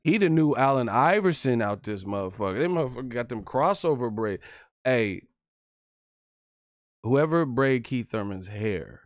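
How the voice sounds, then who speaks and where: A man's voice: medium pitch, no room sound, clean studio sound. Loose, profane man streaming fight talk. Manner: animated, profane, laughing, breaks into yelled impressions. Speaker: boxing commentator and streamer. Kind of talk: casual live stream commentary.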